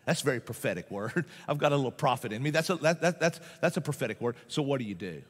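A man's voice: mid-range voice, expressive, fast, slightly rough. A man, a Baptist pastor, preaching a sermon in a folksy, emphatic way, often repeating phrases and laughing between points. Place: large church auditorium. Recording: long hall reverb.

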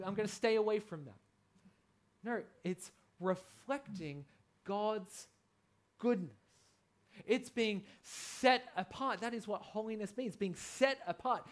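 A man in his thirties preaching a sermon, earnest and conversational, with many fillers and emphatic peaks. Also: high voice.

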